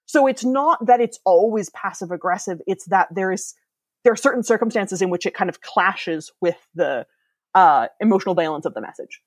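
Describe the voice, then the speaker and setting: A woman guest author talking through ideas on a podcast in a casual, explanatory way, with many fillers and quick asides. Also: mid-range voice, animated, no room sound.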